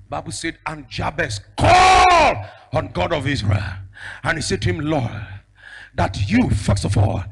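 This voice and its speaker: Preacher guy, bright tense voice, huge swings from shouting to low storytelling. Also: very animated, moderate pace, creaky, husky. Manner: shouts declarations, then drops to a low storytelling voice; bursts into speaking in tongues. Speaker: evangelist preacher. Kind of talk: fiery sermon with prophetic declarations.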